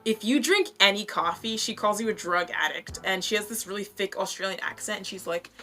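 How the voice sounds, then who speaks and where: Bright-voiced young woman roasting creators. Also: mid-range voice, expressive, quick pace, few pauses, soft background music. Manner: blunt, profane, chatty with many fillers. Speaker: vlogger reviewing other creators. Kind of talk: casual roast commentary.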